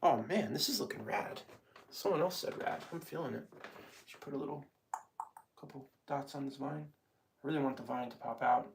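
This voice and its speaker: A man's voice: mid-range voice, moderate pace, vocal fry, pauses often, background noise. A man casually talking to his live-stream viewers while painting, rambling to himself and getting heated when he rants. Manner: rambling, talks to himself and chat while working; gets heated and louder when ranting.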